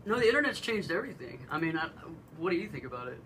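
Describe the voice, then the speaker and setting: Low-voiced woman, bright and animated. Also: racing, a little hiss or hum, rough recording. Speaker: radio co-host. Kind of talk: casual radio talk.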